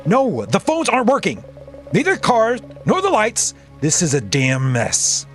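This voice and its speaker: A man's voice: high-pitched, huge pitch swings, measured pace, fairly bright tone, faint music behind, pitched above the performer's own voice, exaggerated voice. A man voicing an irritable, scornful married woman in a game, with a curt, hostile manner.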